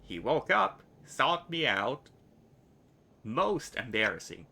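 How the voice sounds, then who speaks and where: A man voicing a sly, crippled older fixer in a video game, mock-courteous and quietly dangerous. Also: medium pitch, big pitch swings, slow, gravelly, slightly rough, exaggerated voice.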